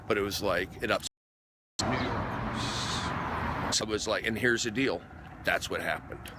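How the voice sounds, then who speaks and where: A man's voice: on the low side, a little fast, heavy background noise. A man, a comedian, telling a story on a casual phone livestream, rambling and restarting his sentences, and getting worked up. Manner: rambling, repeats himself, restarts phrases; gets worked up and loud.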